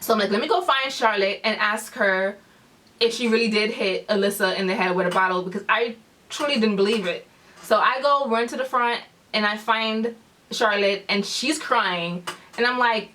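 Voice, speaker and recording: A woman's voice: medium pitch, moderate pace, sharp tone. A young woman vlogger telling a story, acting out what her friends said. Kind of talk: storytime vlog. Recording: voice a bit far from the mic.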